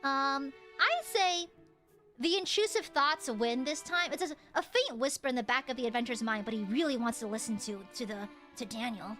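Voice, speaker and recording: Bright, high-voiced woman game master. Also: normal speed, faint music behind. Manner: playful, giggly, acts out crowd voices. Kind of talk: narrating a tabletop game on a voice call.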